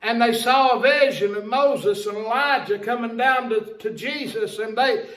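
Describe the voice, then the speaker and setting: A man's voice: extremely high pitch, moderate pace, fairly bright tone. A man preaching a fervent sermon as pastor, quoting scripture figures with folksy asides. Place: church sanctuary. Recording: echoey church hall, distant mic.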